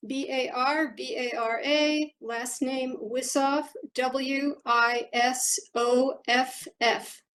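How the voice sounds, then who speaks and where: An older woman reading a prepared public comment at a hearing over a remote call, earnest and deliberate. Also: sits high, steady tone, fairly bright tone, slight background noise, rough recording.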